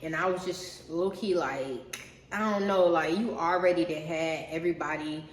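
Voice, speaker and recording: A young woman with a slightly low voice spins a casual storytime for her channel, loose and profane, forever turning to her viewers. The sound has a noticeable roomy echo around it. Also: fairly even intonation, moderate pace. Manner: chatty, profane, keeps addressing viewers as y'all. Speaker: storyteller vlogger.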